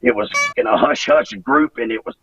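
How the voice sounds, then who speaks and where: A man in his fifties, a retired wrestler giving an interview, talking in a halting, emotional way, repeating himself and swearing freely. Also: high voice, wildly swooping pitch, gravelly, fairly bright tone, husky, dry recording, distant mic, lo-fi sound. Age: 50s. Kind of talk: emotional interview over a call.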